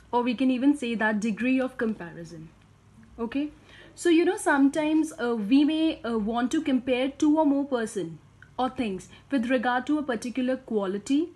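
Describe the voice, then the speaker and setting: A woman explaining grammar step by step, often pausing with "you know" and "uh". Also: fairly high pitch, a little mellow. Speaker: English teacher.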